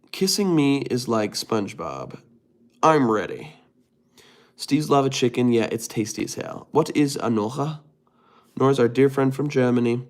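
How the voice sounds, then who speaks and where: A young man hosting a casual livestream, reading viewer comments aloud and answering them with quick, joking asides. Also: mid-range voice, darkish tone. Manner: playful, jokey, talks fast with quick asides. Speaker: livestream host.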